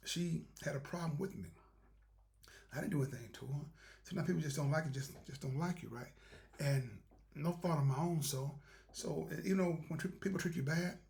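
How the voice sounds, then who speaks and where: A man with a slightly high voice and some vocal fry hosts a motivational show. In a casual monologue, he tells a rambling, folksy story about doing right and offers spiritual encouragement.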